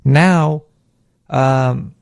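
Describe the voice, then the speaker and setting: Gravelly-voiced guy hosting his podcast, kinda rambly and sweary, on a studio mic. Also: medium pitch, extremely slow. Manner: rambling, profane, animated, mimics inner voice. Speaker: podcast host. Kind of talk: casual monologue on meditation. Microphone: studio microphone.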